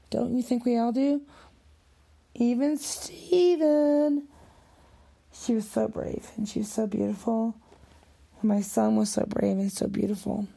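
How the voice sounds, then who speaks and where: A woman's voice: mid-range voice, gravelly, dark tone, breathy edge. A middle-aged woman talking in an emotional, rambling vlog monologue, sometimes dropping to a whisper.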